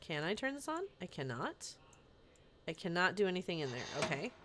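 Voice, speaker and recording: A young woman rambles through a live game stream, her voice bouncing around with lively swings in pitch. She chats casually and playfully, tossing out asides as she goes. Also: a little fast, very noisy. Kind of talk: casual chat while playing a game on stream.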